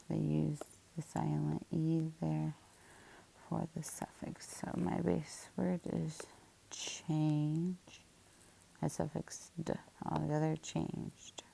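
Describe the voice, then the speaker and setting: A middle-aged woman teacher leads a spelling lesson in a patient, methodical way, sounding out each step. Her voice sits low and is heavily gravelly, with a mellow, dark tone. She speaks at an unhurried pace. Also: fairly even intonation, poor audio.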